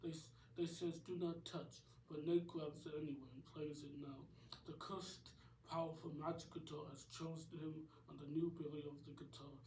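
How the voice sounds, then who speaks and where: A man's voice: on the high side, flat delivery, normal speed, darkish tone, a little hiss or hum, natural voice. A man playing a folksy tattling record producer. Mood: indignant. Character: gossipy male record producer, blunt and folksy. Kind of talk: amateur cartoon voice acting. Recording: roomy echo, distant mic.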